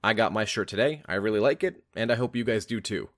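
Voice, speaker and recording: Man, relationship coach, lowish voice, dry close sound, explains step by step to viewers. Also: lively intonation, quick pace, fairly bright tone, dry recording. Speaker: relationship coach and channel host. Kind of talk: explanatory talk to camera.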